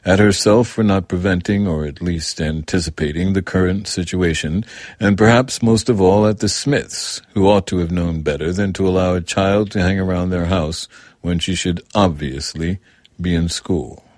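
A man narrating an audiobook in an even, measured reading. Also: low voice, dry recording, studio quality.

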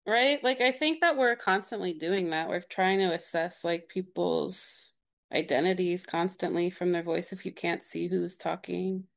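A young radio producer from Cincinnati, Ohio, answers interview questions thoughtfully in a low-leaning, creaky voice at a measured pace. She often says "like" and "um," and her sentences end with a rising, questioning lilt.

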